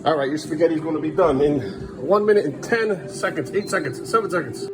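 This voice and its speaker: A man's voice: on the high side, brisk, music in the background. A man filming his family at home, talking in a sing-song voice to his kids and muttering weary asides. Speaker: parent vlogger. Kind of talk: casual family vlog.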